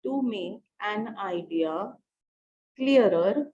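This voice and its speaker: A woman with an Indian English accent teaching an online English class, repeating each phrase slowly for students to underline. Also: medium pitch, lively intonation, warm tone, husky. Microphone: computer or headset mic on a video call. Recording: dull lo-fi online call audio.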